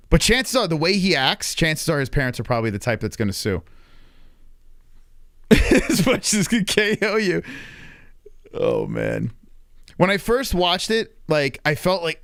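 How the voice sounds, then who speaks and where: Man, streamer host, crude laughing commentary, swooping pitch, dry close mic. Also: big pitch swings, moderate pace, pauses often, fairly bright tone, dry recording. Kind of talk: casual reaction stream.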